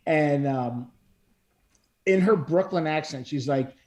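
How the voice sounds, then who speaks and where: A man's voice: on the high side, slow pace, long pauses, darkish tone. A man co-hosting a podcast, telling rambling stories in casual chat and laughing often. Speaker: podcast co-host.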